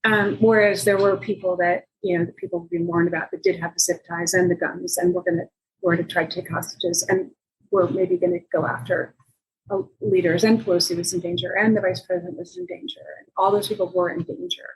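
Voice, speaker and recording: A journalist being interviewed, telling a story in a conversational way and acting out the quoted dialogue with sudden jumps in pitch. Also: female voice, level tone, a little fast, low-quality recording. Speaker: journalist guest.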